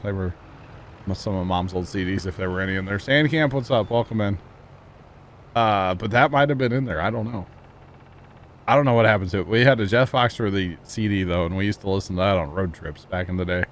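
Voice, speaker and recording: A man's voice: fairly low pitch, a little hiss or hum. A man with a Missouri accent hosting a gaming livestream, chatting casually and joking with a folksy drawl. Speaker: livestream host. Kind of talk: casual gaming stream chat.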